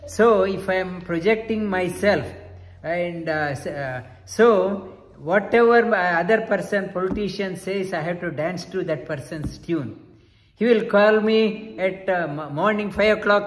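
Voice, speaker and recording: Guy teaching scripture slowly, repeats phrases for emphasis, sanskrit terms, echoey hall. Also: high voice. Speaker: spiritual teacher. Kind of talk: scripture lecture.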